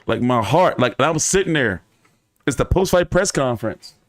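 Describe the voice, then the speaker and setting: Animated, cussing male boxing host. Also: mid-range voice, moderate pace, dry recording, clean studio sound. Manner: animated, profane, laughing anecdotes. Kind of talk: casual storytelling to viewers.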